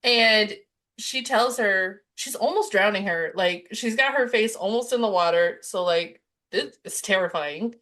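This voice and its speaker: A young woman co-hosting a podcast, chatting casually and retelling movie scenes with quick quoted voices. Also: mid-range voice, fairly bright tone. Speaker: podcast co-host. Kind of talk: casual chat about a movie.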